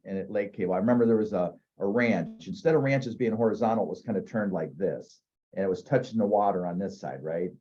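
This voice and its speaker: A man's voice: fairly low pitch, warm tone, muffled recording. A man in his fifties from northeast Ohio, a real estate agent telling candid, self-deprecating stories in a casual interview.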